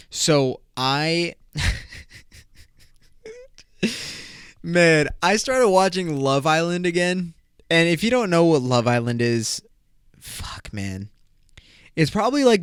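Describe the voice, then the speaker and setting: A young man hosts his own podcast solo, chatting casually with slangy, profane talk and frequent laughter. His mid-range voice is smooth, recorded dry with studio quality.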